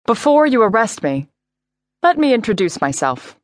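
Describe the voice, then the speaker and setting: A woman's voice: fairly high pitch, sing-song, moderate pace, dry recording, studio quality. A woman voicing a cool, self-assured male FBI agent. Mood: calm. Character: smooth male undercover FBI agent, unflappable. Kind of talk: audiobook character voice.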